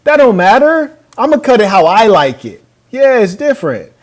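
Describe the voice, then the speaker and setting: A man's voice: sits high, very animated, moderate pace. A man hosting a reaction video from a hotel suite, brash, boastful and mocking as he talks over a clip. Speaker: podcast host reacting to a clip. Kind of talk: casual reaction commentary. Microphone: camera mic.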